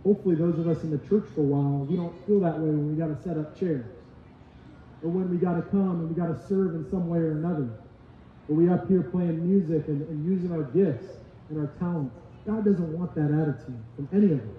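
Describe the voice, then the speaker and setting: High-voiced preacher in an echoey church. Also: male voice, a little fast, slight background noise. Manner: emphatic, repetitive preaching. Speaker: pastor. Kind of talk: sermon. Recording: echoey hall, tinny lo-fi sound.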